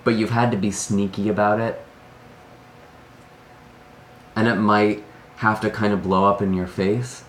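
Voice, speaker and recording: A man's voice: on the low side, flat delivery, moderate pace, slight background noise. A man giving an earnest, emotional tarot reading to camera, often sighing between thoughts. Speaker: tarot reader. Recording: echoey room.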